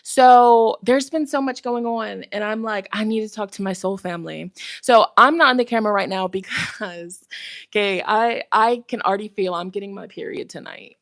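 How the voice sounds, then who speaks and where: A woman's voice: mid-range voice, moderate pace, no room sound. Young woman chatting on her tarot live stream, laughs a lot, dry close sound. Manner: chatty and animated, laughs often, reads out the chat. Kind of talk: casual live stream chat.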